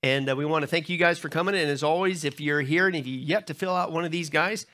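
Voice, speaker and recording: A man's voice: fairly high pitch, fast talker, pushed and bright. A man, a pastor, giving church announcements in a loose, joking, chatty way with many fillers. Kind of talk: church announcements before a sermon. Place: church sanctuary.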